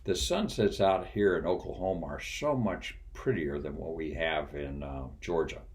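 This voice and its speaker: A man's voice: a bass voice, normal speed. A man voicing a naive young woman airman who muses earnestly. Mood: earnest musing.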